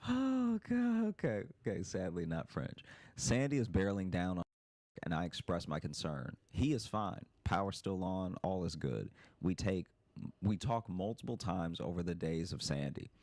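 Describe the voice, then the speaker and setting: A man's voice: deep voice, expressive, moderate pace, darkish tone, dry recording. A man hosting a podcast, telling stories in a wry, dry way and laughing at his own punchlines. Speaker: podcast host. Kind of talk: casual storytelling chat.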